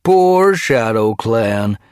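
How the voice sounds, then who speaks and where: A man voicing a mocking tomcat guard who taunts in a high, loud voice. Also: lively intonation, extremely slow, smooth, no room sound, clean studio sound. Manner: taunting, sneering. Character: jeering, mocking tom guard cat.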